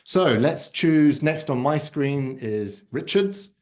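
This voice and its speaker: A man's voice: fairly high pitch, expressive, slow, darkish tone. Man teaching an online class. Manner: explanatory, conversational, says "right?" often. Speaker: workshop instructor. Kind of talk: live online masterclass teaching. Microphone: video call.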